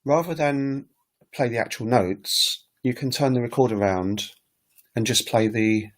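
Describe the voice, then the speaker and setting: A man's voice: medium pitch, a little slow. A man teaching on a casual livestream, talking in a rambling, hesitant way with many fillers. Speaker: language teacher and recorder player. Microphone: webcam livestream setup.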